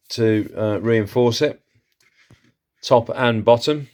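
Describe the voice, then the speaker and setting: A man hosting a vlog chats enthusiastically while showing off his antiques haul, dropping in plenty of fillers. He's an antiques seller and channel host with a medium-pitched, darkish voice, speaking slowly with long pauses.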